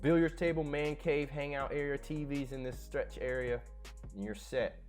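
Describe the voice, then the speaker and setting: A man's voice: a little high, steady tone, moderate pace, a little mellow, faint music behind. A young man giving a chatty, opinionated walkthrough of a house, filmed on a handheld phone as he moves from room to room. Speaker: home tour vlogger. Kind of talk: casual walkthrough commentary. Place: inside a house, moving room to room.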